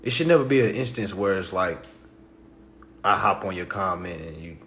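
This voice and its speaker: A man hosting a casual livestream, talking emphatically and tagging his points with all right and okay, shifting from low-key talk to loud animated bursts. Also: normal speed, a little hiss or hum. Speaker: livestream host.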